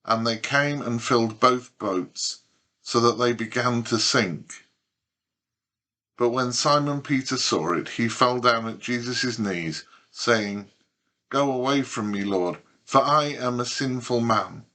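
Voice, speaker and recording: A man reading a Bible passage aloud in a measured, deliberate way. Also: mid-range voice, sharp tone. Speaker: scripture reader.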